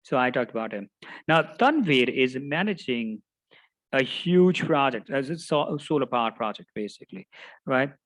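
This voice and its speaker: A middle-aged man who teaches project management gives a storytelling lecture, teaching through an anecdote and often ending sentences with "right?". His mid-range voice is animated and a bit bright, at a normal speed. The recording is low quality, with no room sound.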